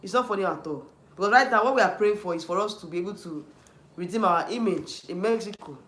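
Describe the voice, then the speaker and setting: A man's voice: high voice, fast, a bit bright, roomy sound, a little hiss or hum. A man with a Nigerian accent hosting a livestream, ranting heatedly, repeating himself and restarting often while answering chat. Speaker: YouTube livestream host.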